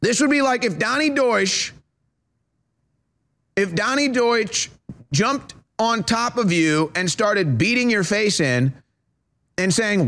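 A male talk show host with a very high voice launches into a heated political rant. He hammers his points with mocking repetition and sound effects. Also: lively intonation, normal speed, a bit bright.

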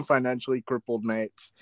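A man's voice: medium pitch, a little slow, dry recording. A young man, co-hosting a podcast in an offhand, joking way. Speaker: podcast co-host. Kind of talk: casual chat.

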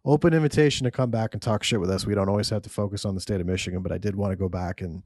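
A man's voice: on the low side, steady tone, very fast, darkish tone, dry recording, clean studio sound. A man hosting a casual podcast, talking loosely, swearing and laughing often. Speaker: podcast host.

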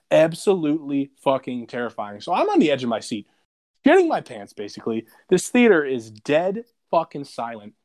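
A man in his twenties on a casual podcast, telling a story in an animated, profane, dramatic way. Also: a little high. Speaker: podcast co-host.

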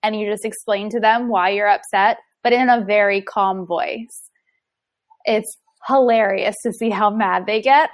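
A young woman talking in a relaxed, chatty way about raising her child. She tells stories in long loose runs full of "like" and breaks into laughter now and then. Her pitch sits in an ordinary middle range. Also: a little slow. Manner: chatty, filler-heavy storytelling with laughs. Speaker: mother discussing parenting. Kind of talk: casual chat.

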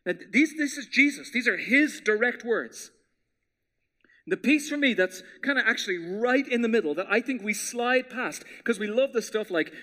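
A man preaching a sermon as pastor, in a conversational style that drops to hushed tones for scripture. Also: very high-pitched, lively intonation, normal speed.

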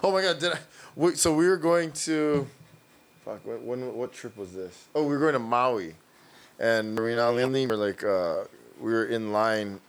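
A man's voice: mid-range voice, normal speed. A man, a podcast co-host, telling a rambling story in casual chat, swearing often and acting out what people said. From Hawaii.

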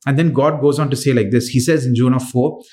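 A man preaching a sermon, earnest and halting, with frequent fillers and restarts. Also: medium pitch, fairly even intonation, dark tone.

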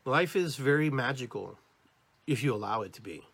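Husky-voiced American man, lively spiritual talk. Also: mid-range voice, normal speed, no echo. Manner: animated, demonstrating inflections. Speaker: podcast host.

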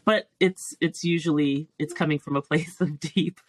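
A middle-aged woman, a teacher and filmmaker, talking as a podcast guest in an earnest, emotional way, pausing with frequent ums and restarts. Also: low-pitched, fairly even intonation. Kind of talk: reflective heartfelt conversation.

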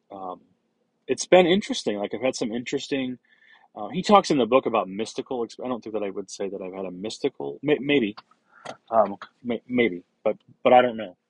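A man's voice: lowish voice, breathy edge, dry recording, rough recording. A man hosting a solo podcast, talking casually in a rambling way with many fillers, restarts and casual swearing. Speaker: podcast host.

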